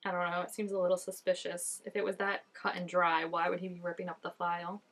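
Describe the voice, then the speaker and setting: A woman's voice: fairly low pitch, monotone, fast, a bit bright. A woman reacting to a TV episode in casual commentary, exclaiming, gasping and laughing often at the screen. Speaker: TV show reactor.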